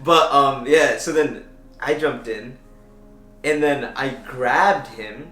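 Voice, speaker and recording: A man's voice: mid-range voice, slow pace, bright, forceful tone. A young man casually telling his side of a story with a friend, often laughing as he talks. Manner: laughs often while recounting. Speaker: guest friend. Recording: echoey room, mic at a distance.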